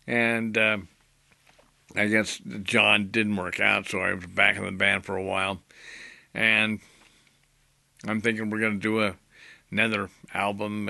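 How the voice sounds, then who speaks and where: A man with a gravelly, fried edge to his voice and a bright, forceful tone talks through his old band days as an interview guest. He rambles from story to story and acts out the lines other people said. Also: mid-range voice, a little slow, long pauses, no echo, studio quality. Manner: anecdotal, acts out quoted dialogue, laughs between stories.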